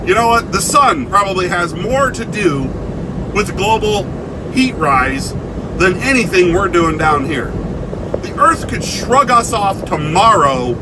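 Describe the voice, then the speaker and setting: A man's voice: high voice, sing-song, a little slow, background noise. A man delivering a blunt, angry opinion rant with swearing and sarcasm, recorded inside a vehicle. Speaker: vlogger.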